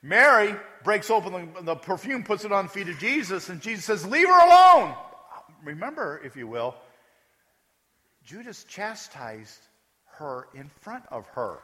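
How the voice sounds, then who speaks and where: Lively, bright-voiced man preaching a sermon. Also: sits high, normal speed. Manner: animated, conversational, joking asides. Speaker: pastor. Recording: echoey hall.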